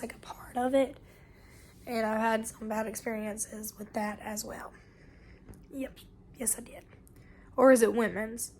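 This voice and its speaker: A young woman, sick with bronchitis, telling viewers a long story in an animated, exasperated way. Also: on the high side, slight background noise. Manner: animated retelling, exasperated asides. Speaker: family vlogger.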